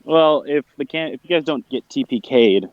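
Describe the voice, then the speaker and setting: A man's voice: on the high side, expressive, normal speed, no room sound. A man leaving a tabletop game group, talking casually and hesitantly with his fellow players. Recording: dull lo-fi dry sound.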